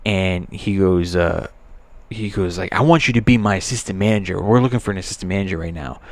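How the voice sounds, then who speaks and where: A man in his thirties co-hosts a podcast in casual chat, telling rambling stories and acting out the people he quotes in a raised voice. He has a low voice, talks a little fast, and there's no echo.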